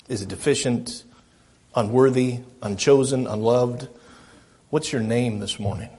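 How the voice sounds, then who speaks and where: A man's voice: medium pitch, a little mellow, slightly rough. A middle-aged man preaching a sermon as a pastor, earnest and self-deprecating, often repeating his phrases.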